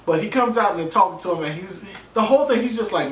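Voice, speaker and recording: A man with a high, fast voice delivers a joking, profane, animated recap of a TV episode for his vlog, acting out what people said. The mic is distant, so the audio sounds roomy with faint ambience.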